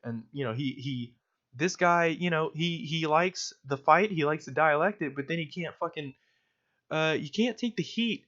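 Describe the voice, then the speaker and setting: A man's voice: on the high side, pushed and bright. A young man giving casual, sarcastic video commentary, mocking his target with lots of fillers. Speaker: political commentator. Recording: dull lo-fi recording.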